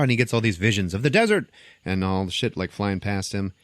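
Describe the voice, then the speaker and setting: Man, podcast host, deep voice, casual movie recap, acts out scenes, dry close mic. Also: a little fast, dry recording. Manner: animated storytelling, acting out scenes.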